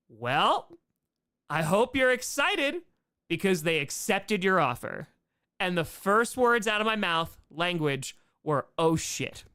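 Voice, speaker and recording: A man hosts a casual live Q&A stream, spinning a story in a rambling, excitable way. His voice is smooth and resonant. He keeps slipping quoted asides into the telling. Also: sits high. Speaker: comedy streamer and host.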